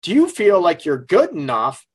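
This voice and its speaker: A man's voice: sits high, huge pitch swings, normal speed, a little mellow, breathy edge, dry recording. Rambling middle-aged male radio host, dry sound. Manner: rambling and frank, with frequent fillers. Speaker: radio show host and relationship counselor. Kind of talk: casual live call-in radio talk. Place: his office.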